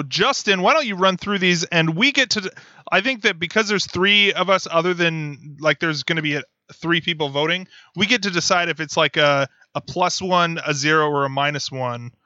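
A man's voice: on the high side, moderate pace, bright, forceful tone, dry recording. A man hosting a casual podcast, rambling and jokey, often correcting himself mid-sentence. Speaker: podcast host. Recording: dull lo-fi podcast audio.

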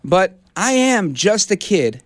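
A man's voice: sits high, big pitch swings, no echo. Emphatic talk radio host man, dry sound. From Brooklyn, USA. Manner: emphatic, preachy rallying delivery with drawn-out slow phrases. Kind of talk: political talk radio monologue.

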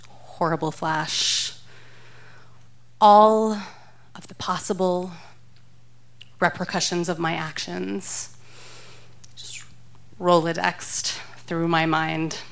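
A woman in her thirties telling a true story live on a theater stage into a stage microphone, wry and self-mocking, often laughing as she talks. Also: fairly low pitch.

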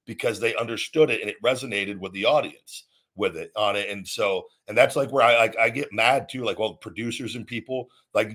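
A man with a low voice talks at length in a motivational podcast. He is earnest and wanders through his points, often restarting a sentence before finishing it. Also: brisk, fairly bright tone. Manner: rambling, earnest, many restarts. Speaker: podcast host, former wrestler.

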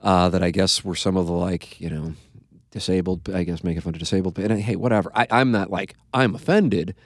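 A man's voice: deep voice, fairly quick, no room sound, clean studio sound. A man hosting a podcast in casual chat, rambling and profane, trailing off into asides. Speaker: podcast host.

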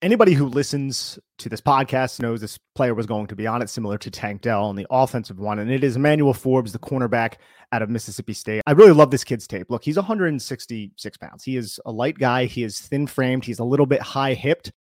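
A man co-hosting a sports podcast, calmly walking through detailed, technical breakdowns of football game film. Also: medium pitch, brisk, no room sound, clean studio sound. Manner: methodical, technical play-by-play analysis. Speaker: podcast co-host, football draft analyst.

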